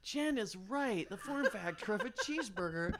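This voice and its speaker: A woman's voice: medium pitch, expressive, moderate pace, background noise. A woman co-hosting a podcast in a studio, wry and joking, laughing often in casual chat. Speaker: podcast co-host.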